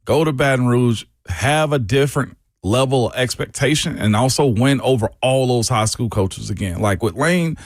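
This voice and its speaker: Ex football player on sports radio, laid back, kinda rambles, dry studio. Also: male voice, medium pitch, normal speed, few pauses, no room sound. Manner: relaxed, thoughtful, rambling. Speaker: co-host, former pro football player.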